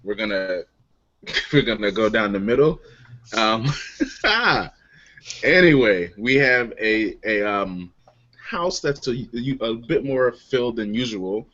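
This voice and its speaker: Man, host, casual group chat, lively pitch, muffled online-call sound. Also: slow pace. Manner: lively, laughs often, loose and joking. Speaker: podcast host.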